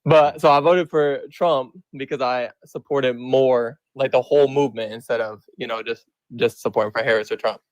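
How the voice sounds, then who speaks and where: A man's voice: mid-range voice, fairly even intonation, moderate pace, hardly any pauses, no echo. A young man of eighteen with a Michigan accent, calling into a stream to debate, casual and hesitant with lots of slang. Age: young adult.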